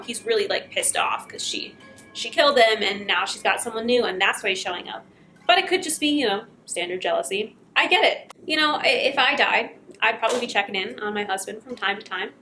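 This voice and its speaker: A woman muses aloud in an amused, chatty way as she reacts to a spooky story. Her voice is bright and a touch high, with faint music underneath. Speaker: channel host reacting to clips. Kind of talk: casual reaction commentary.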